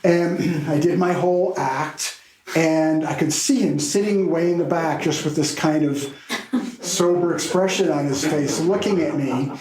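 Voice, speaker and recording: A man, a podcast guest and keynote speaker, telling a story in a lively way and laughing now and then. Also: fairly high pitch, measured pace, roomy sound, rough recording.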